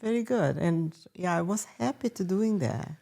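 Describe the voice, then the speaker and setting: An older woman with a Korean accent, a podcast guest who speaks Korean natively, talking candidly and haltingly as she searches for words. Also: lowish voice, lively intonation, creaky, mellow. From South Korea. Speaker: guest, host's mother. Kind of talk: candid conversation.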